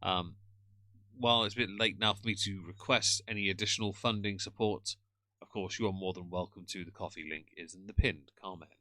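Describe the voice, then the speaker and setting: A man's voice: low voice, steady tone, a little fast, sharp tone, no room sound. A man doing sarcastic live-stream commentary, with chatty asides to his pets and viewers, on a headphone mic. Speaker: live streamer reacting to a video. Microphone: headphones with a cable.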